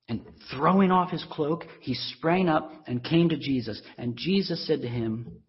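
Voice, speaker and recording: A man's voice: mid-range voice, animated, normal speed. A man preaching a sermon as pastor, earnest and emphatic, repeating words for stress. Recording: dull lo-fi recording.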